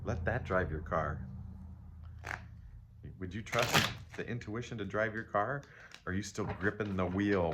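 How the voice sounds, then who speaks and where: Man, low voice, casual rambling tarot reader talking to camera; faint background noise. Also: moderate pace, a bit bright. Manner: rambling, self-interrupting, playful asides. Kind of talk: casual spiritual tarot reading.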